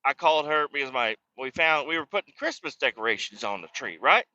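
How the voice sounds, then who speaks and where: Bright-voiced, laid-back cussing gamer guy. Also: mid-range voice, lively intonation, fairly quick, no room sound. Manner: rambling, profane, laid-back. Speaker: streamer playing a trucking game. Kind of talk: casual gameplay chat and storytelling. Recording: slightly muffled dry mic.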